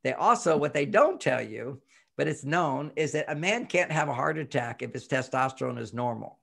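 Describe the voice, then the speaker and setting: A man who writes on relationships appears as an expert guest in a casual interview, his voice a little high and gravelly at a moderate pace. He's animated, acting out quoted voices and chuckling often as he explains.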